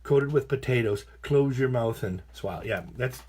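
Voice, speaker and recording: A man's voice: mid-range voice, normal speed, mellow, a little hiss or hum. A middle-aged man, a teacher, reading picture books aloud to his class with playful, chatty asides.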